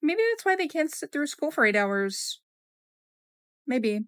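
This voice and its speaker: A woman's voice: high voice, big pitch swings, unhurried, a bit bright, no echo, clean studio sound. A woman giving a wry, opinionated commentary in a casual tone.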